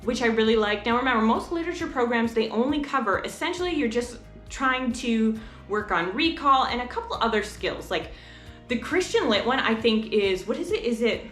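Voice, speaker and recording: Chatty higher-voiced woman in an echoey room. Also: fairly quick, faint music behind. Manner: chatty, rambling, animated asides. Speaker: homeschool vlogger. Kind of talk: casual talk to camera.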